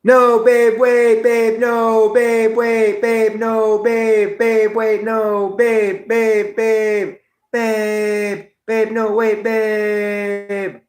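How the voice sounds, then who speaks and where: A man putting on a panicked young man who keeps pleading frantically in a high voice. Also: monotone, drawn-out words, reverberant. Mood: frantic pleading. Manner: frantic repeating.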